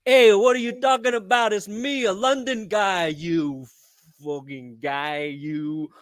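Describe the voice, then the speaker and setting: A man's voice: high-pitched, takes it slowly, no room sound, studio quality. A man putting on a blustery, botched London accent as a joke. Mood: mock bluster. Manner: over-the-top, mocking. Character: blustery fake London guy, mangled accent.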